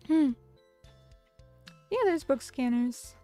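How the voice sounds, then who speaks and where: A young streamer reads out chat comments and reacts in a bubbly, chatty way, filling her talk with fillers. Her high, mellow voice moves slowly with lively intonation, and soft music plays in the background.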